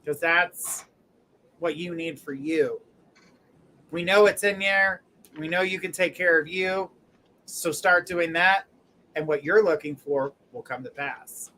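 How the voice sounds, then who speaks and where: A woman's voice: fairly low pitch, unhurried, long pauses, fairly bright tone, a little hiss or hum, poor audio. A woman hosting a live stream as a tarot reader, chatting, encouraging viewers and laughing often. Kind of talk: live-stream chat and joke telling.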